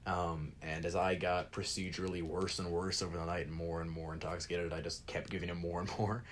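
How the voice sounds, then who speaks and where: A man's voice: low-pitched, brisk, slight background noise. A young man hosting a podcast, telling a rambling, profane story in a casual way. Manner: rambling, swears freely, speeds up when excited. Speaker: podcast host.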